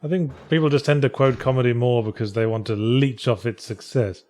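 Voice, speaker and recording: A man's voice: mid-range voice, steady tone, fairly quick, darkish tone, slight background noise. Dry-witted man playing a game. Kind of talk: casual chat over gameplay.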